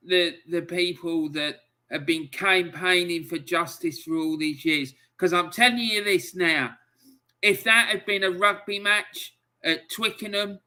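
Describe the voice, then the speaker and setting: Man, emotional sweary rant, slow pace, slightly high voice. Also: sharp tone. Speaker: football channel host. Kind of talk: livestream rant reading chat.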